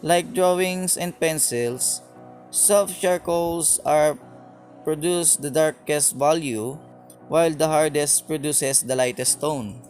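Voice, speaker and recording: Slow-reading man, soft music behind. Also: fairly high pitch, fairly even intonation. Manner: reads slowly from a script with frequent slips and restarts. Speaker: student presenter. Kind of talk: read-aloud lesson presentation.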